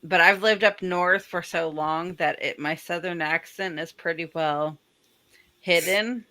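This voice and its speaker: A woman's voice: lowish voice, a little slow, bright, forceful tone. A woman originally from the American South chatting on a podcast in a matter-of-fact way. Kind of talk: casual podcast chat.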